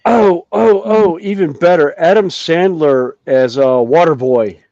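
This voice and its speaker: A man's voice: on the high side, unhurried, mellow, dry recording. A man chatting casually in a hobby group, rambling and chuckling often. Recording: dull, dry lo-fi sound.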